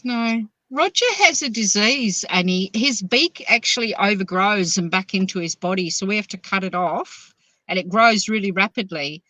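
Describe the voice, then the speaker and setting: A woman's voice: mid-range voice, moderate pace, dry recording, poor audio. A woman, rambling through stories as a podcast host. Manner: rambling, animated storyteller. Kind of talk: casual chat.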